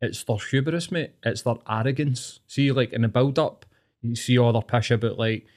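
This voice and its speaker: A man's voice: mid-range voice, moderate pace, a little mellow. A young Scottish man hosting a podcast, giving blunt, sweary, opinionated rants in casual chat. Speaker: podcast host.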